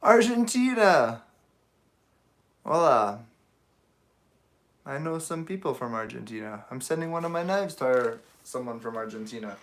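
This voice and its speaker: A gravelly-voiced man hosts a relaxed livestream, chatting and joking with his viewers. He talks at an unhurried pace, filling the gaps with ums. His pitch swings around a lot as he talks. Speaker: knife-making livestream host. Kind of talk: casual live chat answering viewer comments.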